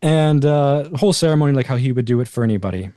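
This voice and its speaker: A man's voice: mid-range voice, very fast, no echo, clean studio sound. A man, a podcast guest, telling a personal story in casual conversation, acting out the other people's lines and using lots of fillers. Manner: animated retelling with quoted voices and many fillers.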